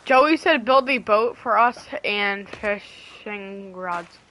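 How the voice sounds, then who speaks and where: A woman chatting casually while playing a game with a friend, swearing and teasing, with sudden loud outbursts. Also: mid-range voice, slow pace, rough recording. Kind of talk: casual gaming chat.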